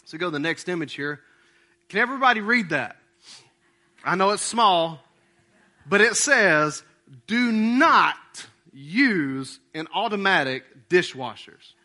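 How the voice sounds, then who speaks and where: A man's voice: sits high, lively intonation, unhurried, bright, forceful tone. A male pastor preaching a conversational sermon to his congregation, often checking in with questions. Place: church sanctuary with congregation.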